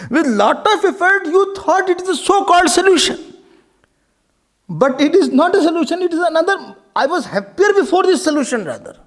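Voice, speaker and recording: An Indian man giving a devotional talk as a swami, animated and laughing often, mixing in Hindi words. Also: extremely high pitch, a little fast.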